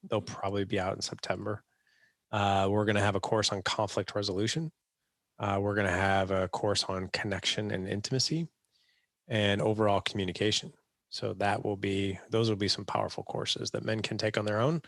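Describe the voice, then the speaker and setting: Gravelly-voiced man, lively storytelling. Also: fairly low pitch, no echo. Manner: animated storyteller, acts out quotes in raised voice. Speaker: podcast guest, dad coach. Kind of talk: casual interview chat.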